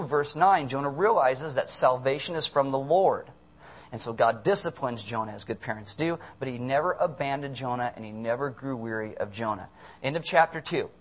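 A man's voice: medium pitch, fairly bright tone. A man preaching a casual, joking sermon, often acting out quotes in the voices of the people in the story. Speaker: pastor.

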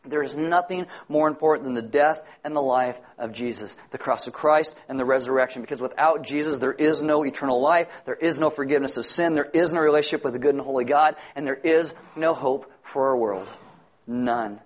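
A man's voice: medium pitch, fairly quick. A man preaching a sermon, earnest and emphatic, quoting scripture as a pastor.

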